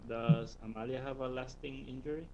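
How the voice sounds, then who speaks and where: A man's voice: mid-range voice, fairly even intonation, fairly quick, darkish tone, highs cut off. A man playing a tabletop game, chatting casually and a little hesitantly. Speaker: player.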